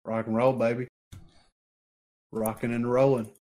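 Man, casual co-host, relaxed and profane, quick to laugh, mid-pitch. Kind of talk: casual chat.

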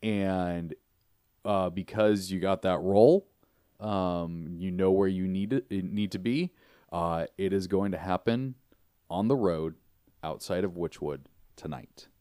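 A man narrating as game master in a casual tabletop game, with a relaxed manner, laughing often and filling pauses. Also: sits low, clean tone, no room sound, clean studio sound.

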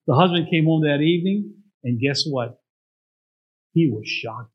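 A pastor delivers a storytelling sermon in a husky, fairly high man's voice. He keeps turning to the congregation with rhetorical questions. The recording sounds dull and lo-fi. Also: measured pace, pauses often.

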